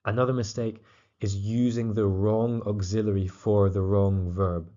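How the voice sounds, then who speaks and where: Relaxed man explaining a lesson, muffled. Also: lowish voice, unhurried. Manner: relaxed, explanatory, with frequent fillers. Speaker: French teacher. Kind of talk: exam tutorial explanation.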